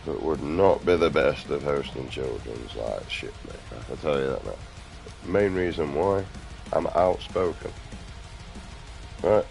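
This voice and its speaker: Middle-aged man, gravelly very low voice, crude outspoken vlog rambler. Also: expressive, a little slow, darkish tone, soft background music. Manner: crude, outspoken, mumbling asides. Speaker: vlogger. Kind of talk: rambling casual monologue.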